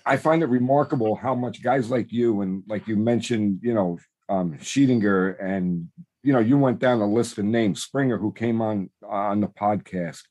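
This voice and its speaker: A man's voice: lowish voice, normal speed, darkish tone. A man hosting a baseball podcast, affirming his guest and asking thoughtful questions. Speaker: podcast host. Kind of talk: podcast interview.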